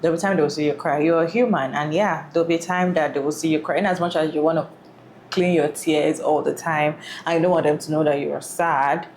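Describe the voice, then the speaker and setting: Low-voiced woman giving earnest commentary. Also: fairly even intonation, a little fast, a little mellow, slight background noise. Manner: earnest and repetitive. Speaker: reaction video creator. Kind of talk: casual commentary.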